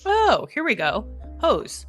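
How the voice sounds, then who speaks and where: A woman's voice: fairly high pitch, husky. A middle-aged woman thinking aloud as she works through a crossword puzzle, musing and questioning herself and often laughing. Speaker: crossword solver.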